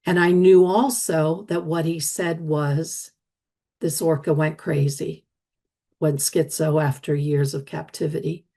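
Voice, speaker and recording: Brief: middle-aged woman host, unhurried earnest storyteller, low dark voice. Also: steady tone. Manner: slow, earnest, with frequent restarts and soft repetitions. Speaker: podcast host and speaker on energy medicine. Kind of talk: reflective storytelling talk.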